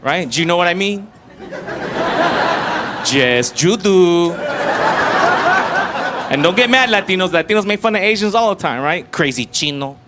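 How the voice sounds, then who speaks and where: A man's voice: high voice, lively intonation, a little slow, pauses often. A man doing a stand-up comedy set on a club stage, talking animatedly to the audience and mocking accents. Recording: loud crowd and room noise. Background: crowd laughter and noise.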